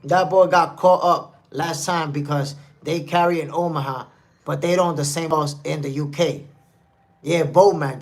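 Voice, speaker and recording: A man from New City, hosting a live stream and giving casual commentary while reading the chat, emphatic and repetitive. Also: fairly high pitch. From New York City. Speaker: livestream host.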